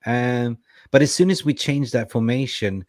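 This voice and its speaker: A man's voice: medium pitch, normal speed, a little mellow, dry recording, studio quality. A man co-hosting a casual football fan show, reading viewer comments aloud and reacting to them. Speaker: co-host reading live chat.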